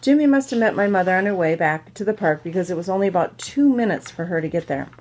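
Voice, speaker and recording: A woman's voice: lowish voice, expressive, quick pace, darkish tone, slight background noise. A woman reading a children's novel aloud, telling it in plain first-person storytelling. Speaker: reader.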